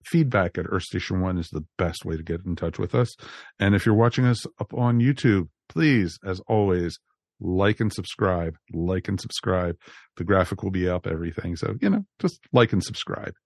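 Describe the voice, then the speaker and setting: A man with a low, gravelly voice hosts a podcast in a casual, jokey and upbeat way, with plenty of "you know" fillers. He is recorded close and dry on a studio mic. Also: expressive, a little fast, a little mellow, dry recording. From New Jersey. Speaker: podcast host.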